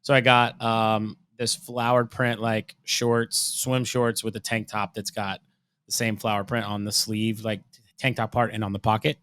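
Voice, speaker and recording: A man's voice: lowish voice, unhurried, smooth. A man in his thirties co-hosting a podcast over a video call, rambling in casual chat and slipping into silly accents. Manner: rambling, animated, likes doing silly accents. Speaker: podcast co-host. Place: home room.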